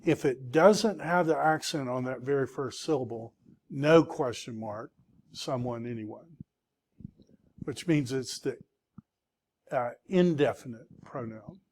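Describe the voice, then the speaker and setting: Middle-aged male teacher, slow and deliberate, patient classroom lecture with frequent check-ins. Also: mid-range voice, a little mellow. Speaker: Greek teacher.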